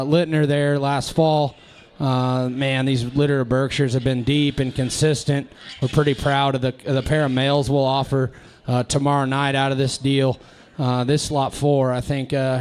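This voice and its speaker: A man presenting his pigs at a ringside livestock sale in a tent, casual and halting with many fillers and restarts. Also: medium pitch, a little mellow, clean tone.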